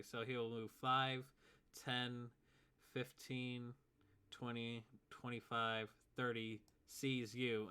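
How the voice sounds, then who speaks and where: A man's voice: mid-range voice, sharp tone, smooth. A man narrating as game master of a tabletop game, laid-back, chuckling and counting out movement.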